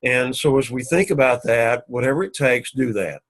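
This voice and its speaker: A man teaching an introductory Greek class, explaining line by line and sounding out Greek words slowly and carefully. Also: mid-range voice, rough recording. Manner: methodical, repeats "so again", slow careful Greek pronunciation. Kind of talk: recorded class lecture.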